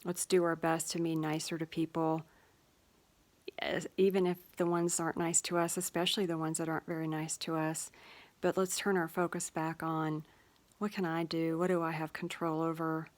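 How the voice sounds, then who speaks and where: A woman hosting her own channel, giving a gentle, reflective spiritual talk with many fillers and pauses. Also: low-pitched, little pitch movement. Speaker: channel host.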